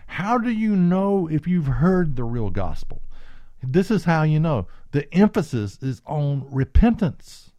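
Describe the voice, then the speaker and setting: A man's voice: medium pitch, warm tone, no room sound. A man preaching an earnest, emphatic sermon and reading scripture aloud.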